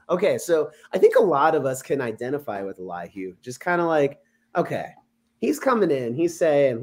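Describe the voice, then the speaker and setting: A man's voice: fairly high pitch, very animated, normal speed. A man in casual conversation, walking through a Bible passage and acting out the quotes with an easy chuckle. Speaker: podcast co-host discussing scripture.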